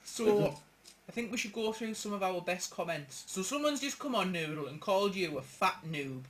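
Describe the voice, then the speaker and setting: A man's voice: sits high, lively intonation, moderate pace, a bit bright. A man with a Geordie accent hosting a casual gaming chat, chatty and laughing, with some swearing. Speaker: gaming channel host. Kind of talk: casual banter podcast.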